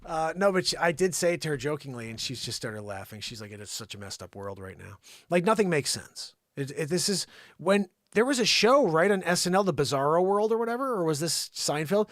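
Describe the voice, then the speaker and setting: Animated man rambling on a livestream. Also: fairly high pitch, normal speed, no echo, studio quality. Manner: rambling, animated, breaks into impressions. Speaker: livestream host. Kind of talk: casual livestream chat.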